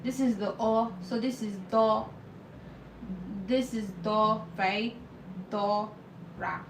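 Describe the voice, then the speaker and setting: A woman with a fairly high voice teaches a live online lesson, explaining patiently and repeating each word slowly. She sits back from the mic in an echoey room, with a faint hiss underneath. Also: fairly even intonation, distant mic. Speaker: Korean language teacher. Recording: roomy echo, off-mic, faint noise.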